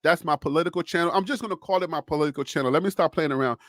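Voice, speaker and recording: A man's voice: fairly high pitch, racing, no room sound, clean studio sound. A man with a Liberian accent hosting a live college sports stream, chatting animatedly with viewers and reacting to their comments. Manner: frequent laughs and self-talk. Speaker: sports channel host.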